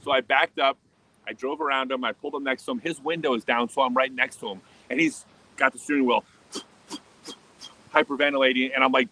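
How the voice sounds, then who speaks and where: A man hosting a casual livestream, telling a driving story and answering chat questions with laughter and quick asides. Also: medium pitch, fairly even intonation, sharp tone, a little hiss or hum, poor audio. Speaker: livestream host. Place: home in Australia, livestream.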